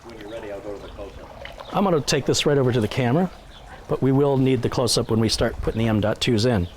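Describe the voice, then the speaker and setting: A man's voice: medium pitch, fast, a little mellow. A man hosting a live stream in a casual, chatty way, reading viewer messages aloud and joking at his own expense. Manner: self-deprecating joking.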